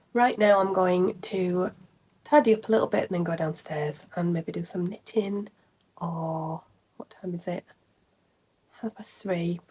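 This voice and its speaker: A woman's voice: on the low side, a little hiss or hum. A woman chatting casually at home in a vlog, tired and rambling with lots of fillers. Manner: chatty, rambling, soft-spoken with frequent fillers. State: tired, yawning. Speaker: vlogger.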